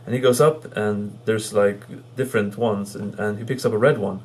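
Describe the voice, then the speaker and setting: A man with a lowish voice chatting through a casual movie review. He talks in halting bursts, full of ums and restarts, and chuckles as he recounts the jokes he loves. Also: fairly even intonation.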